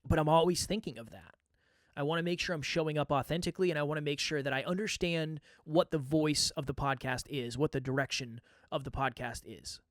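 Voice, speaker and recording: A man's voice: on the high side, fairly quick, no echo. A man hosting his own podcast, talking candidly and reflectively in a coaching manner into a close microphone. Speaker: podcast host. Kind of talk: reflective solo podcast talk.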